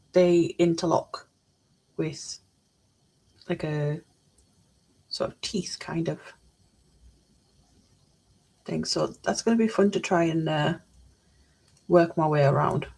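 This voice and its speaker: A woman's voice: on the low side, fairly even intonation, takes it slowly, gravelly, pauses often, a little mellow. A woman chatting casually on a live stream, reading out chat messages while she builds a model kit at her desk.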